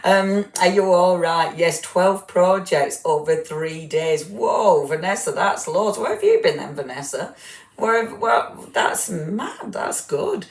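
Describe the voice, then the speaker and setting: A woman with a fairly low voice chats on a craft live stream, greeting viewers one by one with plenty of fillers. She sounds tired, and the room around her is echoey. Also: lively intonation, slow pace. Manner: chatty, warm greetings, many fillers, self-deprecating. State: tired, full after dinner. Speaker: livestream craft host.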